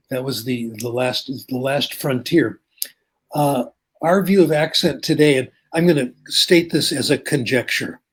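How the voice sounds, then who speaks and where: An older man, a linguistics professor, explains ideas and tells anecdotes in an interview, often checking in with a quick "okay?". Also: on the high side, darkish tone, husky.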